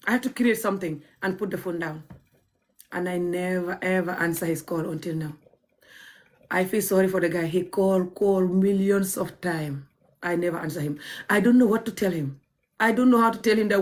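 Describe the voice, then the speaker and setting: A woman's voice: on the low side, normal speed, pauses often. A woman from Gambia with a Gambian accent, chatting casually to her viewers, blunt and cheeky and often breaking into laughter. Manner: cheeky, frank and outspoken. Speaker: vlogger. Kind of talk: casual storytelling chat.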